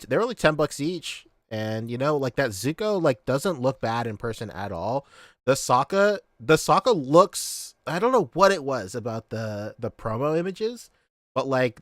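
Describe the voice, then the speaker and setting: A man's voice: medium pitch, a bit bright, no echo, studio quality. A man co-hosting a toy and comic podcast, telling stories in casual chat, laughing often and swearing. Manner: laughs a lot, swears, rambling storyteller. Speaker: podcast co-host.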